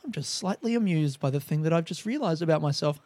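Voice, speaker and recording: A man mimicking a calm, gently amused male meditation guide in a soft, unhurried voice. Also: on the high side. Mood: serenely amused.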